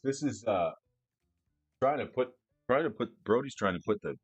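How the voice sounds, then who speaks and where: A man streaming casually, excitable and often stammering through restarts as he talks about cards and gifts. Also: medium pitch, normal speed, long pauses, breathy edge, no echo, faint music behind. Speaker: streamer discussing card prices. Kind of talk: casual live-stream chat.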